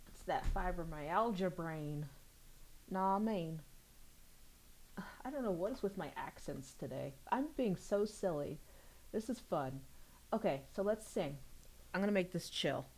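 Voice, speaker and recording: Chatty young woman streaming her book. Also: a little hiss or hum. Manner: chatty, giggly and rambling, with sudden high excited bursts. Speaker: author streaming a book reading. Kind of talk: casual livestream chat.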